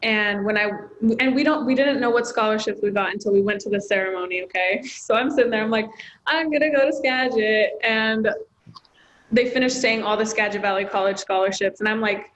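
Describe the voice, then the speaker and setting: A woman's voice: mid-range voice, fairly even intonation, brisk, fairly bright tone, poor audio. A young woman, a college student, telling a personal story in an interview, heartfelt and chatty with lots of filler words. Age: young adult. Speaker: student guest.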